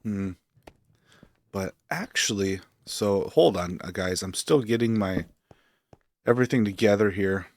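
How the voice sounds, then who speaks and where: Streamer, male, low-pitched, relaxed rambling delivery, dry room sound. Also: a little slow, pauses often, dry recording. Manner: relaxed, rambling, thinking aloud with fillers. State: hiccups. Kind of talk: casual gameplay commentary.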